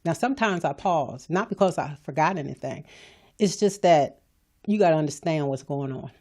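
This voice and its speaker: A woman's voice: low-pitched, animated, moderate pace, a little mellow. A middle-aged woman hosting a motivational podcast, talking in an emphatic, preachy way and repeating her points. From California. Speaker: podcast host. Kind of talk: motivational talk.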